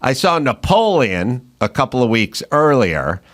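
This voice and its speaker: A man hosting a podcast, telling stories in a casual, animated way that rambles a little. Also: mid-range voice, unhurried. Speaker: podcast host. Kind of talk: casual chat.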